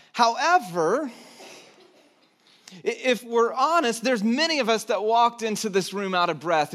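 A male pastor giving a sermon in a church, conversational and pausing often, letting phrases fall low and soft. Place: church sanctuary.

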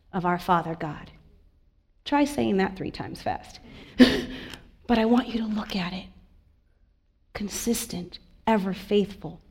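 A woman pastor with a mid-range voice preaches in a church, earnest and confiding. She shifts between soft asides and emphatic lines.

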